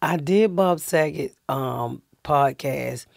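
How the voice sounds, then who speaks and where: A woman telling a story casually as a podcast guest, lively and profane, acting out what people said. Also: deep voice, takes it slowly, vocal fry, no room sound, studio quality.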